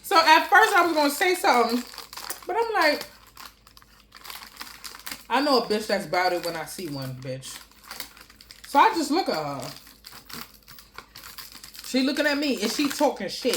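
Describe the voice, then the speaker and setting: A woman vlogger telling a story to camera in a blunt, profane, animated way, chewing and laughing between lines. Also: high-pitched, moderate pace, long pauses, a little hiss or hum. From New York City.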